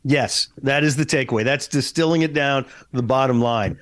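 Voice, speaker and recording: A man co-hosting a podcast in casual chat, talkative and quick to laugh. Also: medium pitch, a bit bright. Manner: laughs often, eager and talkative.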